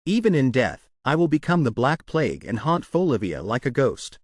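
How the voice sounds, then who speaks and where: A man voicing a menacing male dark mage in a recap of a comic, read in a steady, matter-of-fact way. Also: medium pitch, moderate pace, dry recording, clean studio sound. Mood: defiant.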